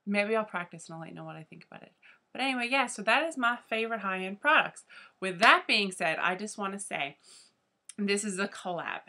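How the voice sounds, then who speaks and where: A woman's voice: medium pitch, pushed and bright. A young woman from Canada chatting casually as a beauty vlogger, gushing and chatty, often saying "like" and "fabulous". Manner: chatty and gushing, says 'like' and 'fabulous' often. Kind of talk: casual chat.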